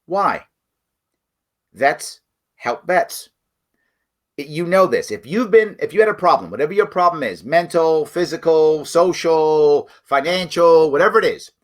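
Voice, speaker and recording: With a sing-song, slightly high voice that's bright and forceful, a middle-aged political show host talks at normal speed. He speaks to his livestream viewers directly, in a blunt and emphatic way.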